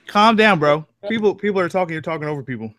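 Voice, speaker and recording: A man's voice: sits high, lively intonation, fast, a bit bright. An easygoing man hosting a stream, chatting casually and laughing often. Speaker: stream host. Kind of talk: casual chat.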